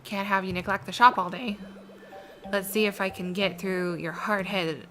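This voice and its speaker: A woman voicing a stern old male shopkeeper mentor with a gruff, scolding manner, game music behind. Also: mid-range voice, fairly even intonation, normal speed, lightly acted.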